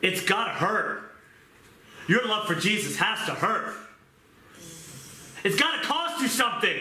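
Fervent high-voiced male preacher, echoey room. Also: very animated, measured pace, long pauses, noisy background. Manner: fervent, prayerful, swings from high pleading to low scripture reading. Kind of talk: sermon.

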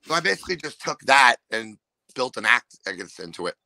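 A comedian from New York with a New York accent, talking casually and profanely, breaking into loud, ranting impressions. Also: male voice, mid-range voice, sing-song, fairly quick, creaky, no echo, poor audio. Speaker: comedian guest. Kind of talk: casual podcast chat.

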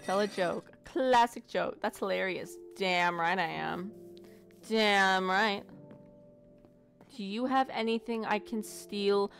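A woman's voice: medium pitch, takes it slowly, vocal fry, fairly bright tone, faint music behind. A woman casually commentating her gameplay, playful and foul-mouthed, chatting to the animals she meets. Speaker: let's play gamer.

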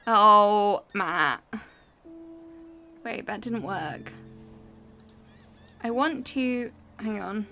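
A woman's voice: mid-range voice, animated, extremely slow, creaky, long pauses, bright, forceful tone, faint music behind. A woman live-streaming a cozy game, giggly and chatty as she talks to her chat.

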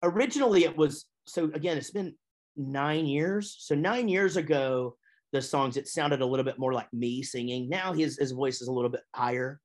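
This is a middle-aged man guesting on a podcast, talking about his work in a casual, unscripted way. His voice sits at a mid-range pitch. His delivery is animated, rising and falling as he warms to a story. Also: normal speed. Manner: chatty and animated, with big pitch swings when telling stories. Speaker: guest, musician and voice actor. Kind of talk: casual interview chat.

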